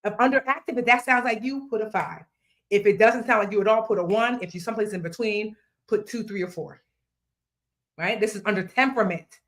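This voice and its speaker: A woman in her thirties with a mid-range voice speaks briskly as a financial educator hosting a live online money workshop. Lively and playful, she talks straight to viewers, chatting with asides and dropping into slang and snatches of song.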